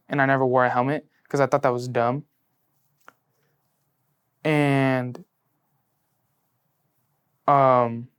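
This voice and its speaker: Here a young man, late teens and fresh from high school, smoothly relates his faith story to an interviewer. He's heartfelt, says "like" a lot, and his telling rises from hushed to enthusiastic and back.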